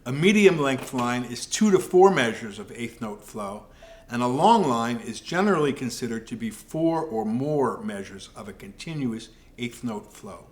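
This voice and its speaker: A man teaching jazz piano improvisation, explaining in a calm, measured way. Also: mid-range voice, a little hiss or hum. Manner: calm, measured explaining with scat syllables and counting. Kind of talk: music lesson explanation.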